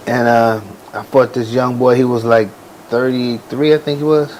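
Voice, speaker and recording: A man in his forties, a boxer and ring announcer, telling stories in a casual interview with relaxed slang. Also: mid-range voice, moderate pace, a little hiss or hum, poor audio. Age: 40s.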